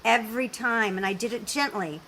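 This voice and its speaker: A woman hosts a candid caregiving podcast chat. Her voice is slightly high and very bright. She talks earnestly and reassuringly, often restarting her sentences. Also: fairly quick, a little hiss or hum, low-quality recording. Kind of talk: candid conversational interview.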